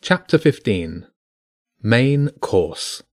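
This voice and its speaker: A man narrating a bedtime story in a steady, measured way. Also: medium pitch, over loud music.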